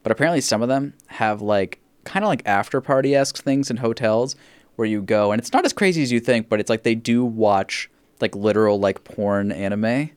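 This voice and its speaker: A man's voice: lowish voice, normal speed, smooth, no room sound. A man hosting a podcast in casual chat, ranting with laughter and swearing. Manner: animated, profane, laughing rants. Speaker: podcast host.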